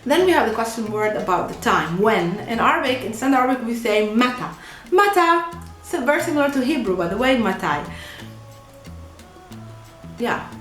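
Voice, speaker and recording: Woman teaching a language lesson, kinda high voice, lively, echoey room w faint music behind. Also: moderate pace, pauses often. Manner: lively, laughs at own slips. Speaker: Arabic teacher.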